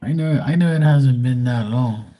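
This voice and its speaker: A man's voice: mid-range voice, normal speed, warm tone. A man, chatting casually on a live stream and ranting bluntly with plenty of cursing. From Bermuda. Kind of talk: casual chat.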